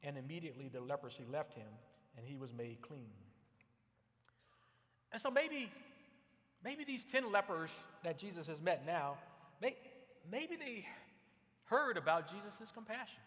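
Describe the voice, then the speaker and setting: A man's voice: a little high, animated, a little slow, long pauses, a bit bright, big-room sound. A man preaching a sermon as pastor, earnest and often repeating words as he builds a point. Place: church sanctuary.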